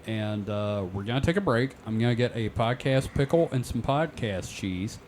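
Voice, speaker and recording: A man's voice: medium pitch, expressive, normal speed, a little mellow, a little hiss or hum. A man co-hosting a podcast in casual chat, joking and swearing freely. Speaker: podcast co-host.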